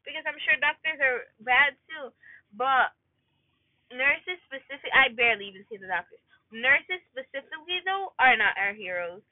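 A woman's voice: fairly high pitch, dry recording. A young woman who works in a hospital and wants to become a doctor, venting in a rambling, indignant way full of "like". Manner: rambling, filler-heavy with constant "like", indignant. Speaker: aspiring doctor working in a hospital. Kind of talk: casual venting monologue. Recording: tinny phone-like sound.

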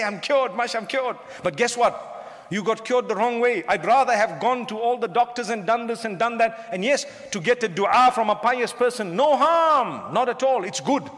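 Very high-voiced preacher in a reverberant hall. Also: male voice, a bit bright. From southern Africa. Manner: humorous, asks the crowd questions, mimics people. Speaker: Islamic preacher. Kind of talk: lecture-style sermon to a live audience. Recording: long reverb of a large hall.

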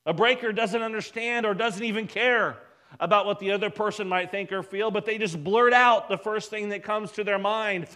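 A man preaching a sermon, emphatic, often dropping his voice low and quiet for weight. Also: steady tone, moderate pace. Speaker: pastor.

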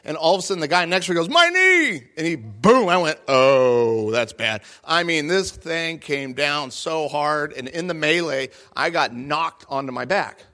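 Middle-aged man, guest speaker, bright voice, fairly high, comic self-mocking story, live audience. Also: normal speed, hardly any pauses. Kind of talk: comedic storytelling talk to an audience. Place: large room before a live audience.

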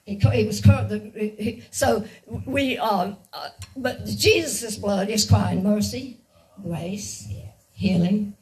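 A woman's voice: medium pitch, slow pace, darkish tone, distant mic, poor audio. A woman giving a guest sermon, earnest and repetitive, often laughing lightly between her points. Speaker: guest speaker.

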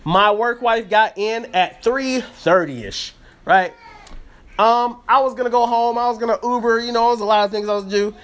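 A man's voice: extremely high pitch, moderate pace, a bit bright. A man hosting a podcast, telling a story as a casual, rambling rant full of fillers and restarts. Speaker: podcast host.

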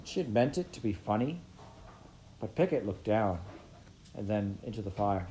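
A woman narrating a storybook in an expressive, measured way. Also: a bass voice, slight background noise, low-quality recording. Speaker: audiobook reader.

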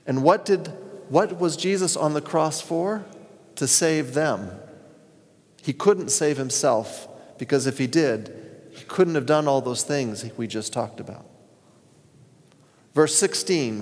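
A man's voice: fairly high pitch, expressive, slow pace, darkish tone. A man preaching a sermon as a pastor, retelling scripture stories in an earnest way. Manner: earnest storytelling, reads scripture aloud. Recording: long reverb of a hall.

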